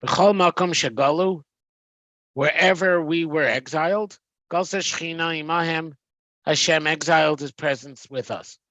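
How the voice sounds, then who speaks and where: A man leads a text-study lesson, reading phrases aloud and then explaining them, often pausing on ums and restarting his sentences. His voice sits a little high for a man. The recording is dry and close, with no room sound. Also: fairly bright tone, no room sound, lo-fi sound. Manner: reads Hebrew phrases then translates, hesitant with frequent ums. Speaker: Torah teacher.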